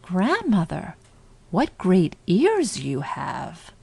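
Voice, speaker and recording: A woman voicing an innocent little girl in a storybook reading, with quick, eager lines. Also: on the low side, huge pitch swings, creaky, a little mellow, slightly rough, dry recording, exaggerated voice. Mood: wondering.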